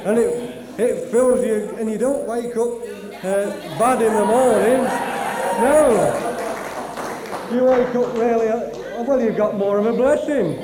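A man's voice: very high-pitched, measured pace. Jovial man in an echoey hall. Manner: jovial, chatty, laughing. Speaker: church meeting speaker. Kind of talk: personal testimony. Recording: echoey hall with long reverb, crowd.

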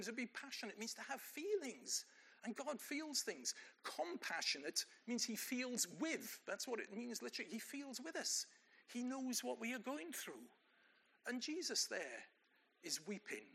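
An older male preacher with a high voice that rises and falls a great deal. He keeps the sermon conversational, asking his listeners questions and answering them himself, and his tone stays bright and ringing. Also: vocal fry, breathy edge. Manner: conversational, asks the congregation rhetorical questions.

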